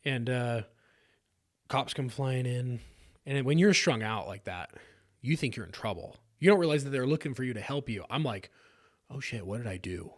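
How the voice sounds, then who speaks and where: A man's voice: mid-range voice, lively intonation. Earnest man telling a raw story. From South Sacramento, California. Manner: earnest, halting with restarts. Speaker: podcast guest. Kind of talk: candid personal storytelling.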